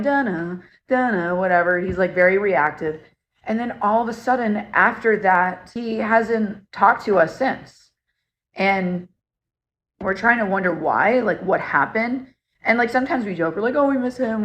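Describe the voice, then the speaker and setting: A young woman earnestly telling a personal story to camera in a casual, excitable way, full of fillers. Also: medium pitch, dull audio. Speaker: paranormal storyteller.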